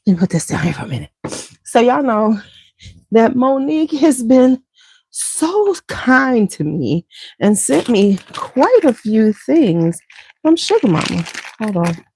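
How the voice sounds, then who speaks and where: A woman's voice: on the high side, sing-song, a little slow, mellow, a little hiss or hum. A woman hosting a beauty channel, chatting casually and scattered with viewers and greeting them by name. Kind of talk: casual chat with live viewers.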